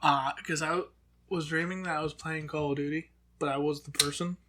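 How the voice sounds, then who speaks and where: A man co-hosting a live podcast, talking in a laid-back, halting way that often trails off. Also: on the high side, steady tone, fairly bright tone. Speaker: podcast co-host. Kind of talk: casual chat.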